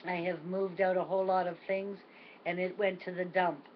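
A woman's voice: on the low side, little pitch movement, normal speed. An older woman telling a personal story in an earnest, reflective video diary at home. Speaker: vlogger. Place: home at night. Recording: dull lo-fi with faint noise.

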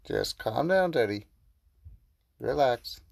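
A man's voice: medium pitch, animated, takes it slowly, creaky, dry recording. A man hosting a gaming channel, commenting as he plays a mobile game and reading the chat messages aloud. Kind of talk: let's play commentary.

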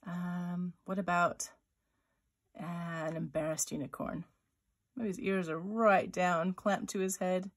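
A woman's voice: fairly low pitch, steady tone, slow. A woman author-illustrator leading a children's drawing tutorial, thinking aloud as she sketches and chatting playfully. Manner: voices little sound effects for her drawings.

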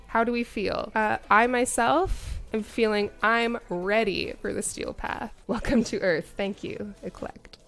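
A woman live-streaming a game, chatting in a bubbly, casual way with her viewers as she plays. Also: fairly high pitch. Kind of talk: casual live-stream chat while gaming.

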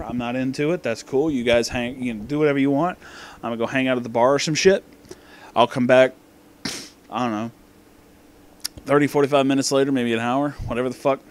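A drunk man rambling through a profane, meandering movie commentary, often losing his place, recorded in his office. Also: mid-range voice. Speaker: movie reviewer.

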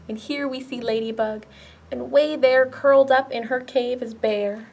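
A woman children's librarian reading a picture book aloud, slowly and gently, pointing out puppets. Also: fairly high pitch, steady tone. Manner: slow, gentle storytime reading.

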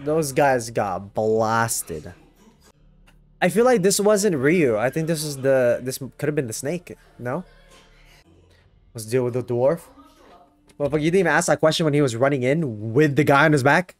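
Lively young man reacting to anime. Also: medium pitch, unhurried, long pauses. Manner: slangy, swearing, bursts into laughs and yelps. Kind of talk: casual reaction commentary.

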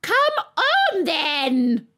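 A woman voicing a furious tyrannical queen who shouts her orders in a shrill, loud voice. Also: very animated, slow, heavily acted. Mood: shrill, angry.

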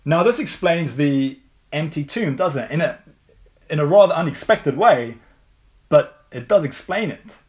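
A man with an English accent preaching a sermon, unhurried and measured, leaning on rhetorical questions. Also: on the high side, lively intonation, a little mellow. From England.

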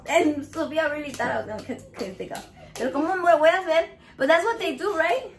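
High-voiced, foul-mouthed woman. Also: fast, slight background noise. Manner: crude, profane, animated storytelling. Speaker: home cook filming a recipe video. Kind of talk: casual cooking vlog chat. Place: home kitchen.

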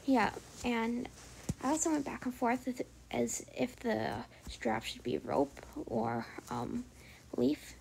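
High-voiced woman with heavy vocal fry, hesitant casual drawing narration, noisy home recording. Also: steady tone, slow. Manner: hesitant, many fillers, often drops to a soft whisper. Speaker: drawing channel host.

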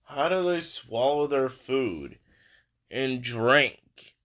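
Smooth-voiced man rambling through a reaction. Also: mid-range voice, lively intonation, drawn-out words, a bit bright. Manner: rambling, musing aloud with many fillers. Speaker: video reaction host. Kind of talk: casual reaction commentary.

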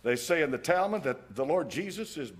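A man's voice: on the high side, lively intonation, brisk. A man preaching a sermon in a folksy, emphatic way, chuckling at his own jabs. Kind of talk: fiery evening sermon.

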